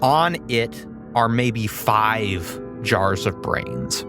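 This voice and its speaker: A man narrating a tabletop game as game master, relaxed with halting descriptions. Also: fairly low pitch, music in the background.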